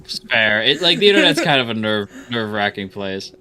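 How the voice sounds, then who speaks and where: A man's voice: lowish voice, expressive, brisk, bright, forceful tone, clear, resonant tone. A man who is a guest on a casual live stream chat, talking in rambling tangents and laughing easily.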